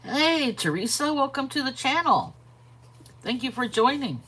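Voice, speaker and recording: A woman hosting a live art stream, chatting casually, greeting viewers by name and pausing to yawn and correct herself. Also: sits high, very animated, fairly bright tone, husky. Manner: frequent yawns and self-corrections. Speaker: art channel host.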